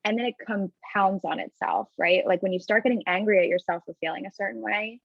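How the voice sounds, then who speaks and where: A woman's voice: medium pitch, fairly even intonation, fairly quick, creaky, no room sound, highs cut off. A woman therapist co-hosting a podcast, talking candidly and reflectively about her emotions, swearing casually, recorded over a remote call. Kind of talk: casual chat.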